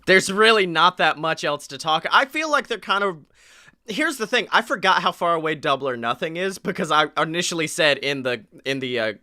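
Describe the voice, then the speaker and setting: A man's voice: on the high side, animated, pushed and bright, no room sound, studio quality. A man co-hosting a podcast, rambling and swearing freely in casual chat, often slipping into mock voices. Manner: rambling, profane, quick to break into mock voices. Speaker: podcast co-host.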